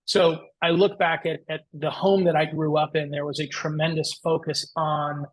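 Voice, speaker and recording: A man in his forties, a podcast guest, telling his career story in a lively, anecdotal way and acting out the voices he quotes. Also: on the high side, moderate pace, hardly any pauses, low-quality recording. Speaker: guest entrepreneur.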